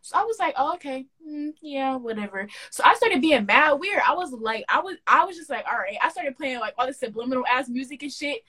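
A young woman with a slightly raised pitch tells a story on a casual podcast. She is animated and slangy and acts out every quoted line. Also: fast talker, few pauses. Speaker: podcast co-host.

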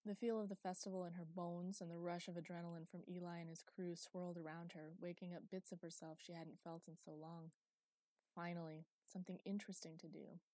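A woman with a voice on the low side narrates an audiobook, telling the story in a steady, even manner. There's no room sound.

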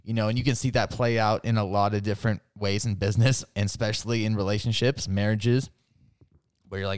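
A man's voice: lowish voice, steady tone, brisk, smooth, dry recording, studio quality. A man talking as a podcast guest in casual chat, rambling with lots of fillers and laughing as he retells stories.

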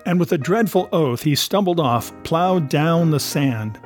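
A man narrating a classic adventure novel in a measured storytelling voice. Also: fairly high pitch, lively intonation, faint music behind. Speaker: audiobook narrator.

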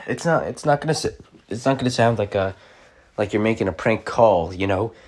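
A man's voice: on the low side, animated, brisk, a little mellow, a little hiss or hum. Rambling young man, casual talk. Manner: rambling, full of likes and restarts.

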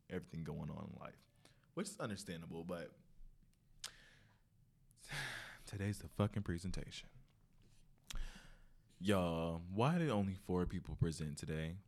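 A young man hosting a solo podcast, telling stories in a casual, profane, animated way, full of slang. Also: deep voice, creaky. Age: young adult. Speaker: podcast host.

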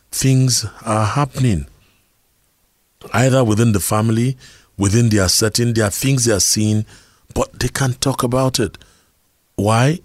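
With a fairly low-pitched voice, a middle-aged Nigerian speaker on communication skills talks earnestly, asking rhetorical questions and recounting his own experiences. The sound is clean studio audio without any room sound.

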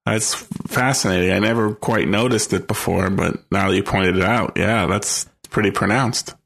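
A man's voice: on the low side, fairly even intonation, normal speed, vocal fry, a bit bright. A man co-hosting a podcast in easygoing casual chat. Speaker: podcast co-host.

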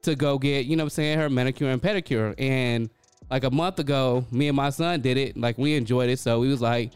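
Smooth-voiced guy w aave just chatting loose, lots of you know what im saying, faint music behind. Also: mid-range voice, fairly even intonation, brisk, no echo. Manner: loose and chatty, full of filler phrases. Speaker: vlogger telling a story. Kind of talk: casual storytelling.

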